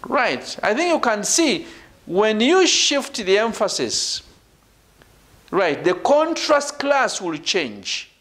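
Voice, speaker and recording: A middle-aged male professor giving a university lecture, repeating his points emphatically and checking in with the class as he goes. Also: high voice. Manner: repetitive and emphatic, punctuating points with "right?" and "ladies and gentlemen". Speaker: professor leading a doctoral seminar.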